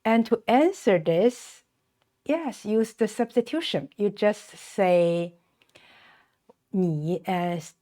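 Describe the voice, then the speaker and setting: A middle-aged woman from China with a Chinese accent, teaching a beginner language lesson and patiently repeating phrases slowly for learners. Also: medium pitch, mellow. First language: Mandarin Chinese.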